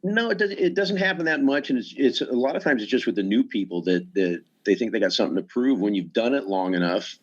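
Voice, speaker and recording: A man's voice: mid-range voice, lively intonation, fast, hardly any pauses, husky. A middle-aged man, a stuntman guest on a podcast, telling casual anecdotes in a laid-back way with chuckling asides. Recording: muffled recording.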